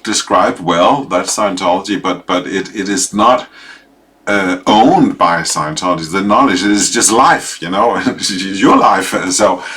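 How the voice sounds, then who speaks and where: Slow, hesitant male lecturer. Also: low-pitched. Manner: hesitant, with many fillers and restarts; animated, acting out examples. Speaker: teacher.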